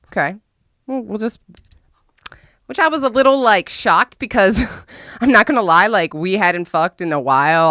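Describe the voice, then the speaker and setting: This podcast host has a lowish voice, recorded in clean studio quality with no echo. She tells a story casually and profanely, laughs a lot, and gets excitable, her voice spiking whenever she vents.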